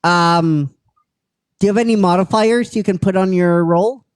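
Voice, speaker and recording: Game master, tabletop game narration, brisk, calls for dice rolls, dry sound. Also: mid-range voice, clean tone, no room sound.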